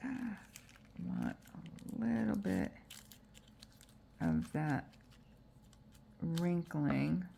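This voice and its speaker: A woman's voice: deep voice, wildly swooping pitch, very slow, vocal fry, pauses often, mellow, a little hiss or hum. A woman with a stuffy, congested voice from allergies, chatting casually through a crafting tutorial with frequent fillers. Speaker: junk journal crafter.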